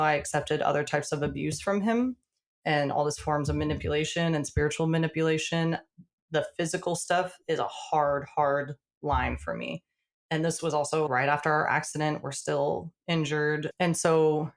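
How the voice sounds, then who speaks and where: A woman recounting a personal story as a podcast guest, her voice low in pitch with a gravelly fry at the ends of her phrases. She speaks casually and animatedly, with plenty of "like"s, and briefly acts out the dialogue as she goes. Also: steady tone, normal speed. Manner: frequent "like" fillers.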